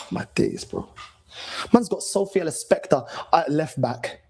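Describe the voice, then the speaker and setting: A man's voice: on the high side, animated, measured pace, creaky, breathy edge, poor audio. A man in his thirties with a London accent, ranting and swearing as host of a fan call-in show, mocking other fans. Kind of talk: angry fan rant.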